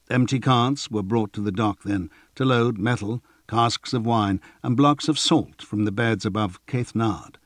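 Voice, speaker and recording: A man narrates an audiobook in a low, measured voice. The sound is close and dry, with no room around it. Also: no room sound. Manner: even, measured.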